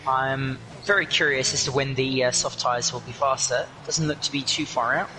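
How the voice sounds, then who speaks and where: A man co-commentating an online racing session in a relaxed, joking way. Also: mid-range voice, moderate pace, noisy background.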